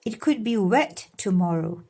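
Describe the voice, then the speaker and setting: A woman's voice: mid-range voice, lively intonation, a little slow, warm tone, slightly rough. A woman voicing the man who looks after the rock in a children's storybook, calling out weather warnings.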